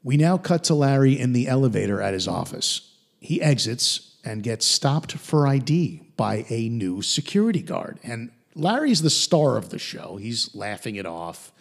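Male podcast host, gravelly and husky, lively recap delivery. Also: mid-range voice, moderate pace. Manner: animated retelling with put-on quote voices. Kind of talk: episode recap.

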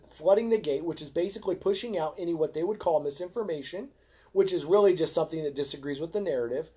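Fervent preachy man, slightly high voice. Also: slightly rough. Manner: fervent, preachy, addresses listeners as folks; swings from low mutters to loud exhortation. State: frustrated. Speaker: podcast host. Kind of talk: ranting religious podcast monologue.

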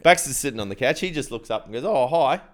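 Animated Australian man telling a story. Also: mid-range voice, very fast. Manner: storytelling, laughs often, acts out quotes. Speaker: podcast co-host. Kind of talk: casual chat.

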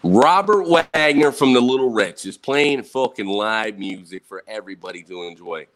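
A man hosting a podcast in casual, profane, excitable chat. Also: fairly low pitch, moderate pace. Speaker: podcast host.

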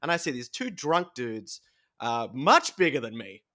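Bright-voiced Australian man telling stories. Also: mid-range voice, normal speed. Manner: storytelling, animated. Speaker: podcast host. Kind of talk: casual chat.

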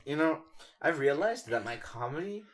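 A man's voice: a little high, sing-song, normal speed. A young man co-hosting a podcast, chatting casually, rambling from joke to joke and saying "you know" constantly. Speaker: podcast co-host.

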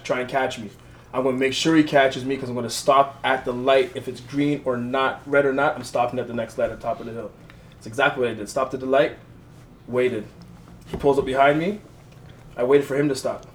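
A man's voice: medium pitch, a bit bright. A man from Canada telling a blunt, profane story in casual chat. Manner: blunt, swears freely.

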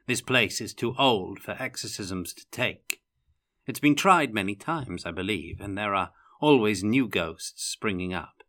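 A man's voice: lowish voice, expressive, a little slow, sharp tone, full character voice. A man voicing a genial male prince who tells ghost stories with relish, in an audiobook reading.

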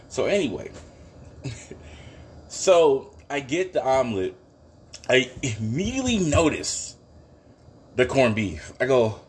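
A man's voice: mid-range voice, very animated, slow pace, long pauses. A man hosting a casual solo podcast from his kitchen, rambling and swearing, breaking into bursts of laughing outrage. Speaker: podcast host. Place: home kitchen.

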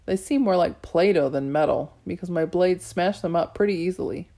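A woman narrating a novel in the first person, measured, with small restarts. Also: on the low side, mellow. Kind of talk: audiobook narration.

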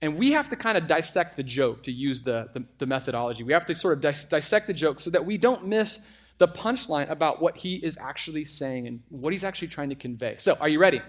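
A middle-aged male pastor delivers a sermon in a conversational, lively way. He keeps turning to the congregation with quick asides and questions, and his voice sits a bit higher than most men's.

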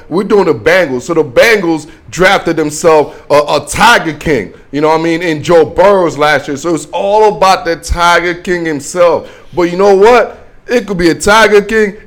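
A man hosting his own football show, making brash trash-talking predictions in casual slang. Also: high-pitched. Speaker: sports show host. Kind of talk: casual sports commentary.

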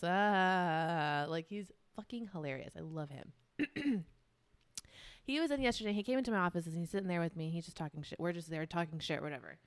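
Animated young woman telling a story. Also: on the low side, smooth, dry recording. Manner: animated storyteller, swearing casually. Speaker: podcast co-host. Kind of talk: casual chat, storytelling.

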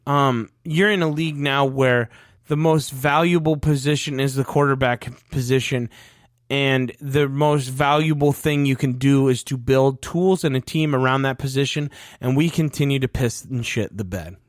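A man's voice: medium pitch, normal speed, no echo, studio quality. A man in his thirties ranting on a fan sports podcast, profane and heated. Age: 30s. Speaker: podcast co-host.

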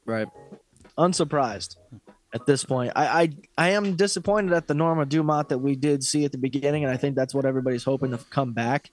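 A man's voice: mid-range voice, brisk, soft background music. Blunt, foul-mouthed male fight podcaster. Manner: blunt, profane and opinionated. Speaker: podcast co-host. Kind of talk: casual sports chat.

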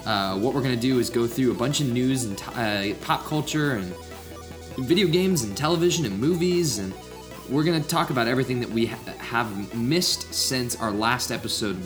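A man's voice: mid-range voice, normal speed, music in the background. A young man hosting a casual podcast, chatty and laid-back, rambling a little. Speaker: podcast host.

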